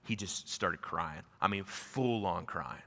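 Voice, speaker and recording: A man preaching a sermon as pastor, telling a story in casual slang and swinging between loud bursts and hushed moments. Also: low voice, takes it slowly. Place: large church auditorium. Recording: reverberant church hall.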